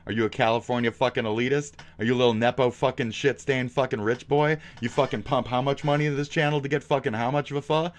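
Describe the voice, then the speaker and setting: A man streaming reactions, combative and sarcastic, swearing and swinging from shouts to mutters. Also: medium pitch, fairly even intonation, quick pace, hardly any pauses. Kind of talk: profane reaction stream commentary.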